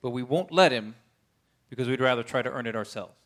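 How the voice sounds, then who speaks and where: A man's voice: mid-range voice, quick pace, a bit bright. A man preaching a conversational sermon, earnest, often checking in with his listeners.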